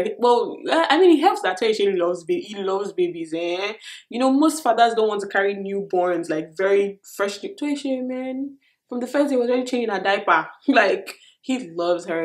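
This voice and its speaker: A young woman with a Nigerian accent talks through viewer questions in a relaxed vlog. She is expressive and animated, laughing often and trailing into fillers. Her voice sits at an ordinary middle pitch. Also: normal speed. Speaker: vlogger answering viewer questions. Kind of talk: casual Q&A vlog.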